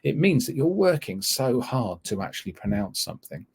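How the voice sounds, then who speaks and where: A man's voice: mid-range voice, very animated, moderate pace, husky. A man giving a teaching webinar, rambling and correcting himself often as he explains. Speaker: TEFL course tutor. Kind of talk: webinar lecture.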